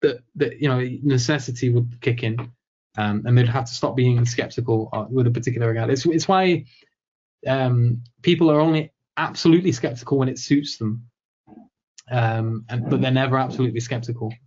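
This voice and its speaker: Man thinking aloud in a mellow, muffled voice. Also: medium pitch, fairly quick. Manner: thinking aloud, many fillers and restarts; acts out quoted dialogue. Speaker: host answering audience questions. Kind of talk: live Q&A talk.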